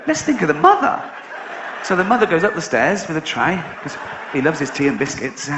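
An English male stand-up comedian telling blunt, profane stories, rising to incredulous shouts. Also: a little high, very animated, a little fast, noisy background. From England. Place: live theatre stage. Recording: echoey dull live hall recording with crowd.

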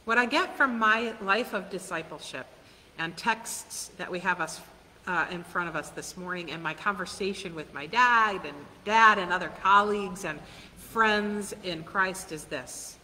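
A woman pastor preaches slowly and earnestly, her voice bright and clear. She poses questions to the congregation and laughs softly now and then. Her words ring in a long church reverb over a faint hiss. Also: mid-range voice. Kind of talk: sermon. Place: church sanctuary.

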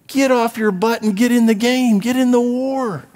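A man preaching a sermon as pastor, emphatic, dropping to low asides and rising to loud urging. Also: steady tone, normal speed, big-room sound. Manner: emphatic, swings from low asides to raised exhortation. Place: church.

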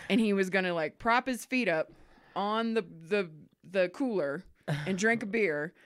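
A woman co-hosting a podcast, reading listener emails aloud and telling stories in a lively, swearing, laughing way. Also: medium pitch, unhurried, smooth, no echo, studio quality. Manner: animated storyteller, swears freely, laughs often. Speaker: podcast co-host.

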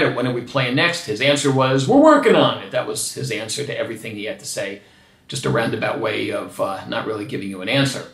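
A band member reminiscing earnestly about a club scene in a documentary interview. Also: male voice, medium pitch, fairly bright tone, echoey room.

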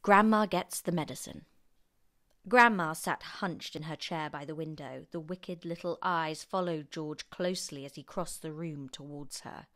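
A woman reading a children's book aloud as an expressive storyteller. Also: low-pitched, unhurried. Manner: expressive, animated narration.

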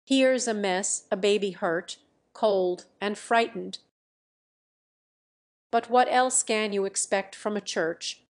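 Woman reading old man, blunt and earnest, slow storybook delivery. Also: medium pitch.

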